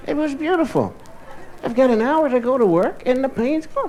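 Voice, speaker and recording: A man's voice: very high-pitched, moderate pace, some chatter behind. A man telling a long comic story on stage, acting out the other voices in the tale. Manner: animated storyteller, acting out both sides of dialogue. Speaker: stand-up comedian. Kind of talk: stand-up storytelling to a live audience. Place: live stage with audience laughter. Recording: vintage vinyl live recording with faint hiss.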